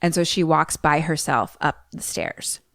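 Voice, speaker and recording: A woman's voice: deep voice, measured pace, no room sound, clean studio sound. A woman co-hosting a podcast, casually retelling a movie scene and acting out its characters. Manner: animated storyteller, acts out characters. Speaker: podcast co-host.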